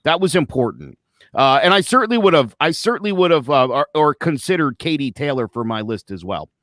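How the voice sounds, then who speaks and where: A man co-hosting a sports podcast, explaining his picks in halting casual talk with many restarts. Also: a little high, lively intonation, a bit bright, no room sound, studio quality. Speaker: podcast co-host.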